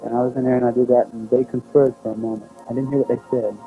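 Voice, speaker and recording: A man's voice: mid-range voice, little pitch movement, fast, dark tone, faint music behind, poor audio. A middle-aged man telling a personal story in a rambling, folksy way, acting out what others said to him. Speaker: abduction witness.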